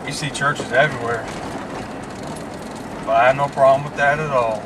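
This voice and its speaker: A man from Mississippi talks in an easygoing Southern drawl, hosting a driving vlog with plenty of laughter. His voice sits at an ordinary pitch for a man. Road and engine noise from a moving car is clearly heard behind him. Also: fairly even intonation, normal speed, distant mic. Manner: laid-back, chatty, laughs often. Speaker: vlog host. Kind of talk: casual driving vlog chat.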